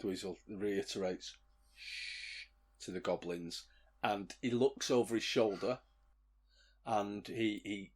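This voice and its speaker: A man with a husky, somewhat low voice describes his character in a tabletop game, pausing and restarting as he thinks. He sounds relaxed and thoughtful. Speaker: player.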